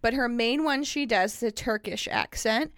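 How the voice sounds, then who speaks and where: A woman's voice: fairly high pitch, normal speed, fairly bright tone, no room sound, clean studio sound. A woman co-hosting a podcast, telling gossip in casual chat and often trailing off mid-sentence. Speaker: podcast co-host.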